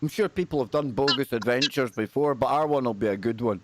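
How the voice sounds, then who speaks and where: A man's voice: medium pitch, fast, noisy background. A Scottish man co-hosting a paranormal livestream, chatting casually and upbeat, often repeating phrases for emphasis. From Scotland.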